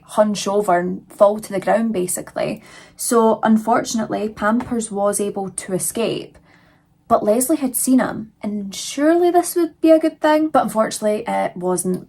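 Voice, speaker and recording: A young adult woman with a mid-range, slightly mellow voice hosts a true crime channel. She walks through the case casually, her chatter full of "like" and "you know."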